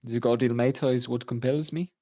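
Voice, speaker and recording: A man voicing a proud, self-wounding female cleric with a put-on French accent, speaking slowly and solemnly. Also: medium pitch, fairly even intonation, warm tone, dry recording, lightly acted.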